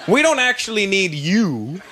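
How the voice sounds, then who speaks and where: A man doing stand-up comedy on a club stage into a handheld mic, animated and playful. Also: high-pitched, measured pace, noisy background. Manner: animated, mimics accents for laughs. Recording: live club recording, loud crowd laughter.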